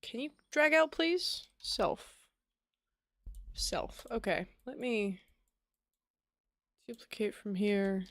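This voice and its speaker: A woman's voice: medium pitch, expressive, takes it slowly, long pauses, a bit bright, dry recording. A woman streamer chatting casually with her viewers while she codes, half muttering to herself as she works. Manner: muttering to herself while working, then bursting into laughter. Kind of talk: casual live-stream chat while coding.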